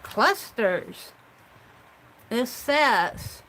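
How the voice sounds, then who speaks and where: A woman's voice: fairly high pitch, slow pace, slightly rough, low-quality recording. A woman hosting a casual craft livestream, chatting to herself and viewers as she tidies her supplies at home. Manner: chatty, talks herself through tidying up.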